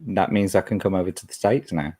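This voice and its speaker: Podcast host, lowish voice, loose and profane banter. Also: male voice, fast talker, warm tone, breathy edge. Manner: swearing, joking, loose and rambling. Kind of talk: casual podcast chat.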